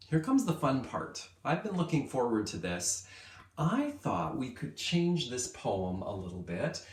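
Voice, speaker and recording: A man teaching a lesson to small children, speaking at an unhurried, deliberate pace in a voice of middling pitch. He is upbeat and draws words out sound by sound. The recording carries a noticeable echo from the room. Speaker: kindergarten teacher.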